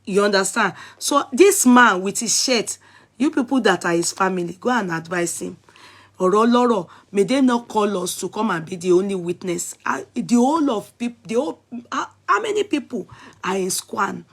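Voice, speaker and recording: A woman with a Nigerian accent talks straight to her viewers in a husky voice. She is animated and scolding, and she repeats herself as she drives her points home. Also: mid-range voice, moderate pace. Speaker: vlogger. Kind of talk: casual commentary.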